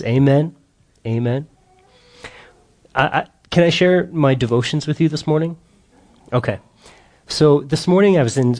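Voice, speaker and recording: Animated man preaching casually. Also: mid-range voice. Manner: animated casual storytelling with slang. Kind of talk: informal sermon to a group.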